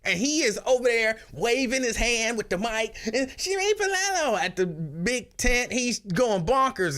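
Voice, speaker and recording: A man hosting a radio show, telling stories in casual chat and slipping into shrill impressions. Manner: animated storyteller, breaks into shrill yelling impressions.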